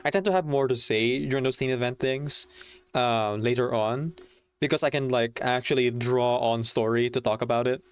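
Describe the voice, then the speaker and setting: A man's voice: medium pitch, steady tone, moderate pace, clean tone. A man streaming a game, chatting casually to viewers in a rambling way full of fillers. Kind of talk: casual livestream chat.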